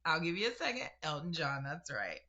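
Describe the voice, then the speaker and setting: A woman's voice: deep voice, sing-song, fairly quick, pushed and bright, lo-fi sound. A young woman giving a casual spiritual reading to camera, chatty and emotional, talking straight to her viewers. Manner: chatty and emotional, addresses viewers directly, laughs and gasps. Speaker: spiritual reader.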